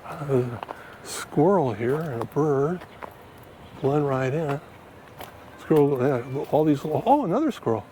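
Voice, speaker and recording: Unhurried and pausing often, a man with a fairly high, dark voice and lively intonation rambles through his finance vlog while walking in a park with a handheld phone. His chat is full of fillers, with a little hiss or hum.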